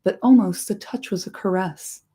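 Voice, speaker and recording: A woman's voice: medium pitch, moderate pace, mellow, breathy edge. A woman reading a story aloud expressively, dropping in irreverent casual asides. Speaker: reader.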